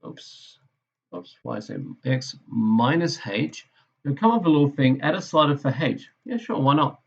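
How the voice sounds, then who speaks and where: A man with a gravelly, creaky voice walks through a maths lesson on a screen recording. He talks casually and thinks aloud, fixing his own slips as he goes. The sound is dull and lo-fi. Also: mid-range voice, expressive, moderate pace. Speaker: maths teacher.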